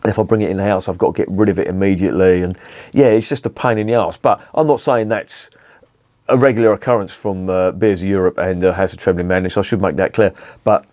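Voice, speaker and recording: Blunt London man with a low voice. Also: fairly even intonation, quick pace, darkish tone, no echo. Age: middle-aged. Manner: blunt, rambling, swears freely. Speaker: beer reviewer. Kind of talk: casual vlog chat.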